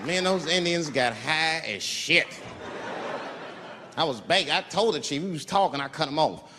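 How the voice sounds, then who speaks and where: A man performs stand-up comedy and tells his story in an animated way, with a voice that sits fairly high and swings widely. He works a big theater stage on a handheld mic. The room answers with long reverb and a crowd that is clearly heard. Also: moderate pace. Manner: animated storytelling, jumps into shrill put-on voices. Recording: hall reverb, crowd laughter noise.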